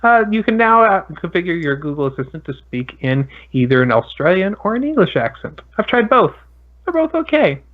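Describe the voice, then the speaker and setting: A man's voice: sits high, sing-song, brisk, phone-quality sound. A man co-hosting a casual tech podcast, chatting loosely with many fillers. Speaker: podcast co-host.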